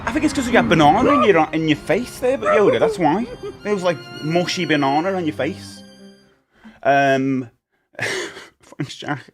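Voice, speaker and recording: A man streams games live and chats casually with his audience. He jokes as he reads out names, and his voice rises and falls with animated swings. Soft music plays faintly behind him. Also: fairly high pitch, moderate pace. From England. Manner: chatty, jokey, reading out chat names. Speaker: retro game streamer.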